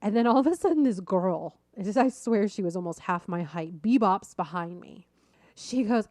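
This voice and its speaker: Lively self-mocking woman podcast host. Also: mid-range voice, normal speed, no echo, studio quality. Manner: lively, self-deprecating, laughs at herself. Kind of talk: personal storytelling monologue.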